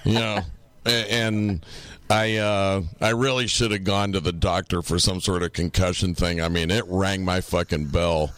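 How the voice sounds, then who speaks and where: A man's voice: deep voice, steady tone, normal speed, fairly bright tone, no echo. A middle-aged man co-hosting a podcast, telling rambling, profane stories and laughing through them. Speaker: podcast co-host. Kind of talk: casual storytelling chat.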